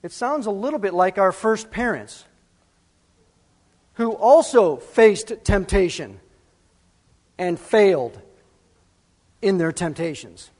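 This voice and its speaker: A man's voice: high voice, expressive, takes it slowly, pauses often, a little mellow, big-room sound. A man preaching a sermon as pastor, emphatic and full of rhetorical questions.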